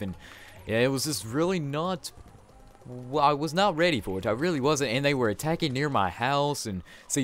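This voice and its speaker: A young man giving let's play commentary, talking to his viewers and swinging between excited outbursts and deflated mutters. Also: mid-range voice. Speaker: gameplay commentator.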